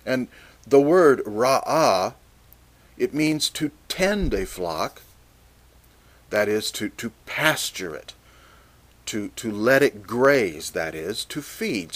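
A man preaching a Bible teaching sermon, measured and deliberate, reading scripture passages aloud. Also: fairly low pitch.

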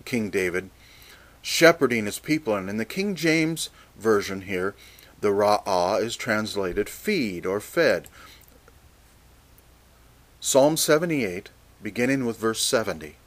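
A man preaching a Bible teaching sermon, measured and deliberate, reading scripture passages aloud. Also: on the low side, animated.

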